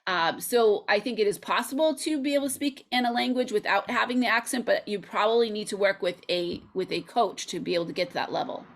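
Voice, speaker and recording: A woman's voice: mid-range voice, quick pace, hardly any pauses. An American woman, an English teacher, talking through ideas in a casual interview with frequent ums, over a video call. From United States. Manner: thoughtful, chatty, frequent ums. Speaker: English teacher and channel creator.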